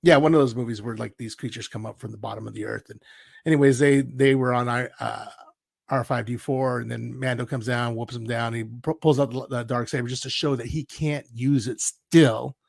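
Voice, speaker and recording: A man co-hosting a podcast, retelling an episode in a rambling, animated way with playful asides. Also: mid-range voice, normal speed, vocal fry, dry recording, clean studio sound. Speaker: podcast co-host. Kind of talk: casual chat.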